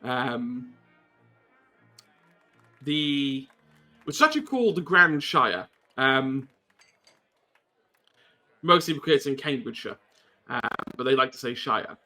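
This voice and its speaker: A man's voice: medium pitch, lively intonation, takes it slowly, pauses often, bright, forceful tone, faint music behind. A man narrating a tabletop horror game as game master, rambling with many ums and wry asides.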